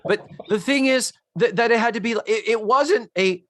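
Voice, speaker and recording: A man in his fifties co-hosting a casual podcast chat, animated and swearing freely as he acts out scenes. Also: extremely high pitch, normal speed, no echo, clean studio sound. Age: 50s. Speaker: podcast co-host.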